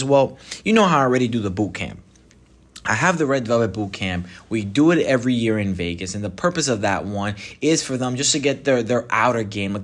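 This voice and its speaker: A man hosting his own podcast, talking casually and directly to listeners in a chatty, conversational way with restarts. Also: lowish voice. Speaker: podcast host. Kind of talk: casual solo podcast talk. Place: Mexico.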